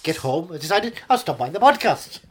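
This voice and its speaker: A performer doing a comic impression of a self-absorbed, aging knighted film actor, drawling and repeating "wonderful", often sinking to a hushed murmur. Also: medium pitch, very animated, fairly quick, husky. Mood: pompous.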